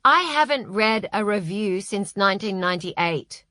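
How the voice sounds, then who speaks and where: Weary, prickly middle-aged woman writer, voiced by the narrator; curt, bright, close dry sound. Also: mid-range voice, expressive, normal speed, no room sound. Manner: dry, curt, self-pitying.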